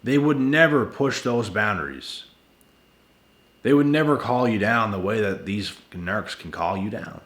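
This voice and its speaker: Tired, low-voiced man in an echoey room. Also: a little slow, fairly bright tone. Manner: blunt, repetitive, addresses viewers as guys and bro. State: tired and yawning late at night. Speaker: channel host giving relationship advice. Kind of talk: casual vlog monologue. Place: at home indoors.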